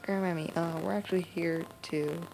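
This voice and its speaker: Game hero lines read by a woman, low gravelly voice, noisy recording. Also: fairly even intonation, normal speed. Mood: plain.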